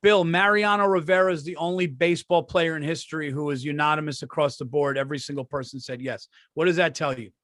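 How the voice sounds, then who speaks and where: A middle-aged man co-hosting a podcast, telling animated stories and acting out quotes in casual chat. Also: fairly high pitch, fast talker, hardly any pauses, dry recording. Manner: animated storyteller, acts out quotes. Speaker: podcast co-host.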